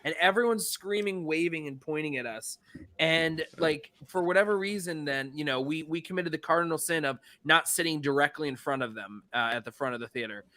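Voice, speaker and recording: A man's voice: a little high, brisk, sharp tone. A man co-hosting a casual show, talking in a loose, rambling way and swearing now and then. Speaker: podcast co-host. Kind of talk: casual chat.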